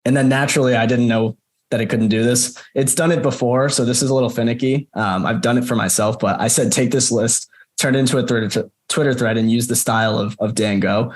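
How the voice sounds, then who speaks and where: A man's voice: medium pitch, fairly even intonation, fairly quick. A young man coaching a group on a call, casual and chatty, with many fillers and repeated words. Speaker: marketing coach presenting. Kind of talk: casual screen-share walkthrough on a call.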